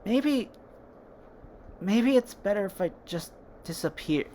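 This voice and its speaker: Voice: medium pitch, animated, slow, mellow, slight background noise, voice pushed up. A fan storyteller voicing a withdrawn, guilt-ridden teenage girl who pleads and cries out in despair. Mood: anguished.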